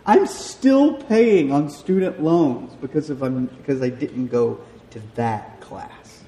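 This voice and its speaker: A young man with a Southern American accent, preaching a sermon in a church and telling stories about himself with a lively, self-mocking delivery. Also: mid-range voice, takes it slowly. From Southern United States. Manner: animated storyteller, self-mocking, acts out voices. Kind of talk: sermon with personal story. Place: church sanctuary. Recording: echoey hall with long reverb.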